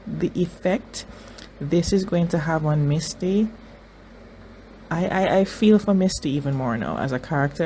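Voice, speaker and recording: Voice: mid-range voice, mellow, a little hiss or hum, poor audio. A host giving emotional commentary on a TV episode, tearful at times, repeating phrases and restarting sentences often. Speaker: reaction video host.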